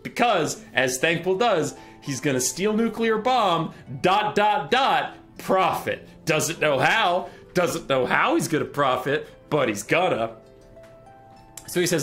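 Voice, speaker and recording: A man's voice: sits high, lively intonation, unhurried, fairly bright tone, faint music behind. A man casually retelling a book's plot for laughs, sarcastic and profane. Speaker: storyteller. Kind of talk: casual comedic lore retelling.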